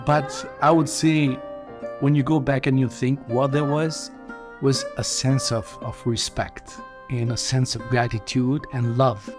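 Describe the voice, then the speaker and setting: A man's voice: mid-range voice, fairly even intonation, a little slow. A man, telling a personal story in a casual, loose way full of "like.". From Albania. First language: Albanian. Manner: loose, rambling, peppered with "like". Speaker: guest. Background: guitar music.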